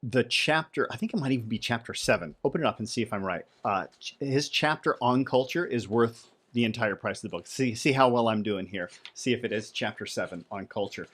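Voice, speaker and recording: A man's voice: medium pitch, lively intonation, brisk, few pauses, fairly bright tone, slightly rough. A man co-hosting a podcast in a studio, talking in a chatty, playful way and stammering on his first words. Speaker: podcast co-host. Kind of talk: casual podcast chat.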